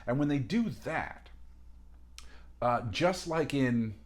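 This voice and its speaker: A man talking through an academic reading in a casual lecture, rambling with restarts and lively asides. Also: mid-range voice, takes it slowly. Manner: discursive, many fillers and restarts, animated asides.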